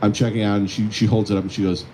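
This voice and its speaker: A man's voice: lowish voice, racing, slight background noise. A man co-hosting a casual comedic chat, telling stories with lots of acted-out quotes. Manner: animated storytelling, acts out quoted voices. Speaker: podcast co-host.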